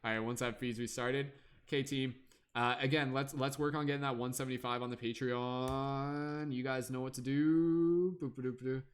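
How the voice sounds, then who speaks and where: A man's voice: medium pitch, fairly even intonation, moderate pace. A man hosting a livestream, chatting casually and playfully to his viewers, humming and scatting filler sounds while he waits. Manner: chatty, playful, hums and scats while waiting. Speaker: livestream host.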